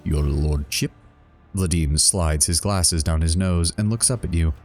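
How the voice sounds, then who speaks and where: A man's voice: sits low, normal speed, darkish tone, soft background music. A man narrating as game master of a tabletop role-playing game, then rambling and correcting himself in casual chat with the players. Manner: rambling, self-correcting when chatting.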